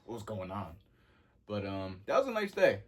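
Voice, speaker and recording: A young man in his twenties with a fairly low voice, chatting in a loose vlog style. He talks in slang and gets excitable, and his pitch jumps up when something catches his attention. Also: moderate pace, slightly rough. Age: 20s. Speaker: vintage clothing vlogger. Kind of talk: casual vlog talk.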